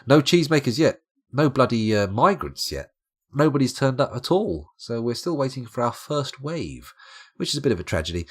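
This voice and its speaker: Tired streamer, young man, lowish husky voice, lively ups and downs, self-mocking late-night ramble. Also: moderate pace. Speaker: game streamer.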